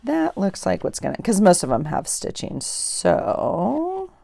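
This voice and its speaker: A woman's voice: lowish voice, wildly swooping pitch, slow, creaky, mellow, no room sound. A woman vlogger chatting casually at her craft desk, thinking aloud as she journals and opens mail. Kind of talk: casual chat while journaling.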